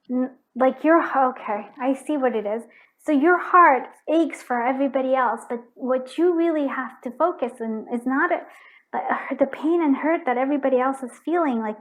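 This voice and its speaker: A woman's voice: sits high, narrow, tinny audio. A woman giving a pick-a-card tarot reading, effusive and emotional, with frequent restarts. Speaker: tarot reader.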